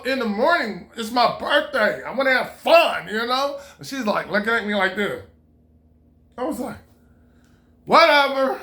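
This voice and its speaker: High-voiced man telling a story animatedly. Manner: animated, re-enacts dialogue, swears freely, laughs while telling. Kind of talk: casual storytelling to camera.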